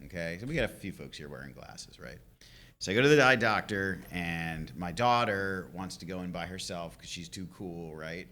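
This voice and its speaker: A man in his forties in casual live podcast chat, an animated storyteller who laughs often. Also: deep voice, moderate pace. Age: 40s.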